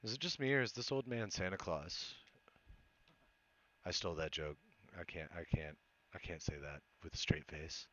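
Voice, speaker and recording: A young male streamer with a low, bright, forceful voice comments casually on a game he's playing live, at a moderate pace broken by long pauses. He's laid-back and joking, swears freely and laughs often. The audio sounds dull.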